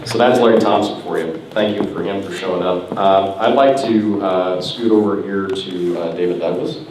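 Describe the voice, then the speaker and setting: A man's voice: low voice, normal speed. Man roasting friends in an echoey hall. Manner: joking, rambling, teasing friends. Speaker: roast speaker. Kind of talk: comedy roast speech at a birthday party. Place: party hall with a crowd. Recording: echoey hall, far from the mic, noisy.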